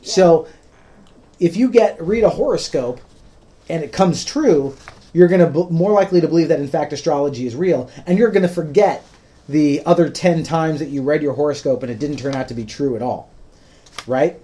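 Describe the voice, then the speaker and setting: A man's voice: on the high side, moderate pace, dark tone. A man hosting a podcast, patiently explaining things in plain words with frequent ums. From United States. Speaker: podcast host. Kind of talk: casual explanatory podcast talk.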